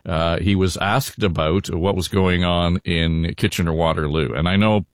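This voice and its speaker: A man's voice: low voice, steady tone, moderate pace, no room sound, clean studio sound. An older man hosting a politics podcast in a rambling, casual way with lots of fillers. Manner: rambling, with many fillers and restarts. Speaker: podcast host. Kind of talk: casual panel chat.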